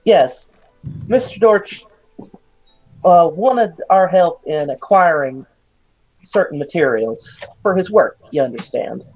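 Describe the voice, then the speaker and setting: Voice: medium pitch, animated, slow, long pauses, a little mellow, rough recording. A player doing a genteel half-elf lady in a tabletop game, courteous and a little old-fashioned. Faint music plays under her lines. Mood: discreet.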